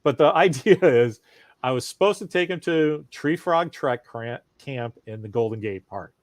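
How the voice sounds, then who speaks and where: A man's voice: mid-range voice, moderate pace, no room sound. A middle-aged man co-hosting a casual chat podcast, telling stories with swearing and acted-out quotes. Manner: animated storyteller, swears, acts out quotes. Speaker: podcast co-host.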